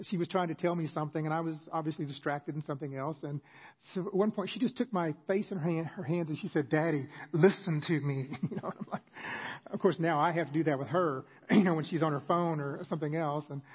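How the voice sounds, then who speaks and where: A man's voice: a little high, fast talker, breathy edge, highs cut off. A middle-aged man, a pastor, giving an earnest, conversational sermon with self-deprecating asides.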